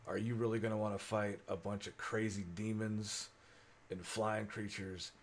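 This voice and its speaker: A man's voice: lowish voice, little pitch movement, moderate pace, slight background noise. A male player in a casual tabletop role-play, talking in an easy drawl.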